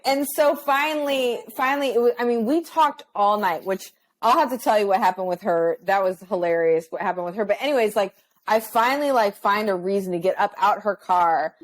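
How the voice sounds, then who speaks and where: A woman's voice: on the high side, moderate pace, poor audio. A young woman chats on a podcast as a guest, swearing freely. She tells a personal story with growing animation and a casual, unfiltered delivery.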